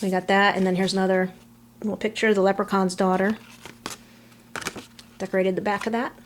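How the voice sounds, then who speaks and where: A middle-aged woman chatting casually through a scrapbook album, relaxed, trailing off between items, recorded on a camera mic at home. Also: medium pitch, fairly quick, a little hiss or hum. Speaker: crafter showing a scrapbook album. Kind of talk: casual show-and-tell narration.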